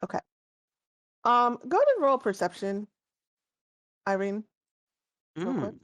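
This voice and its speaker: A woman's voice: mid-range voice, measured pace, no room sound. A woman narrating as game master in a casual tabletop session, talking loosely with frequent filler words. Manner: casual, relaxed, many fillers.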